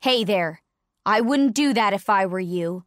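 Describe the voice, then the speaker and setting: A woman voicing a worried, pessimistic father pine tree in a lowered, grumbling tone. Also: animated, measured pace, dry recording, clean studio sound, natural voice. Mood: gloomy.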